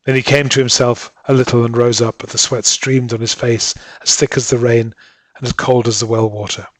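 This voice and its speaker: A man reads a story aloud in a steady, measured voice. His pitch sits in the middle of the male range. The recording is dry and close, with no room sound. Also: no echo. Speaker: audiobook reader. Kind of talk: scripted narration.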